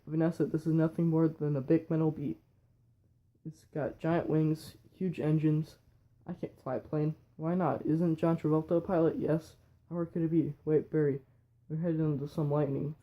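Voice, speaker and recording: A man reads a film script straight through in a quick, flat delivery that stumbles now and then. His voice sounds very dark and mellow and sits a little high. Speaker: reader. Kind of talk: reading a film script aloud.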